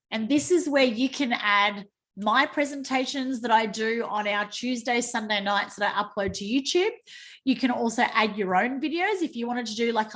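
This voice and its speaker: An Australian woman hosting a team training call, chatty and quick to joke at her own typing slips. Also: fairly high pitch. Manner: chatty, self-mocking, exclaims over slips. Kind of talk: screen-share training call. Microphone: video call.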